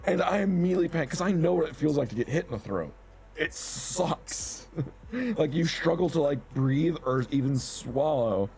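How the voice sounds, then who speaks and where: A man's voice: a little high, animated, moderate pace, vocal fry, darkish tone, a little hiss or hum. A man co-hosting a podcast, telling stories in a rambling, casual way and laughing often. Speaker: podcast co-host. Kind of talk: casual chat.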